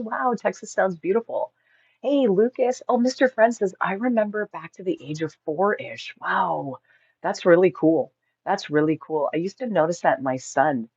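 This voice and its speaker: A middle-aged woman hosting a casual livestream, reading viewer comments aloud and chatting back with bright exclamations. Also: sits low, husky, no echo, muffled recording.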